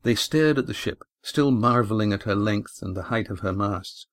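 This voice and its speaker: A man narrating a sailing adventure audiobook in an even, steady reading. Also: lowish voice, normal speed, dry recording, studio quality.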